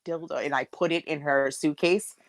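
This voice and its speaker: With a deep voice at a moderate pace, a middle-aged Massachusetts woman hosts a relaxed group live chat on video call. She tells stories in a lively, jokey manner, laughing often, and there's no room sound.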